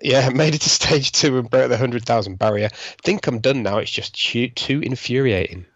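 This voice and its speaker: A man's voice: medium pitch, normal speed, no echo. A man with an easygoing, self-deprecating way of talking reads out listener scores on a casual podcast. His voice comes through dry, with a slightly muffled, dull sound, as if no room is around him at all. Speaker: podcast co-host.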